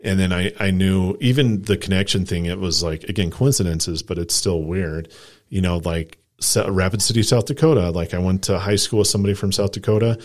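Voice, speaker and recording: A low-pitched man in his forties from Colorado shares a story on a casual podcast. He rambles from one detail to the next, filling it with "like" and quick impressions of what people said. His tone is relaxed and chatty. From Colorado, USA. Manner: rambling anecdote with lots of "like" and acted-out quotes. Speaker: podcast co-host.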